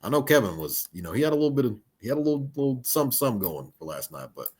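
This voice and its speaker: A man talking basketball in a casual podcast chat, stressing his points with emphatic, drawn-out phrasing. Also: medium pitch, very animated, slightly rough. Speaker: podcast panelist.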